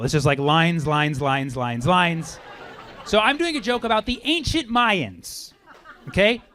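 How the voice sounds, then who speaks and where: A man doing a stand-up comedy set on a club stage, riffing with the audience and punching up his lines. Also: high voice. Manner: conversational, riffing with the crowd, loud punchlines. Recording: live club recording with crowd noise and laughter.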